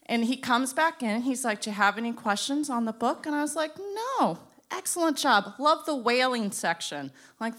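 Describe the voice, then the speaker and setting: A young woman from Florida telling a stand-up story, animated and acting out the people she quotes. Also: medium pitch. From Florida, USA. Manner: animated, acts out both sides of conversations. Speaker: storyteller comedian.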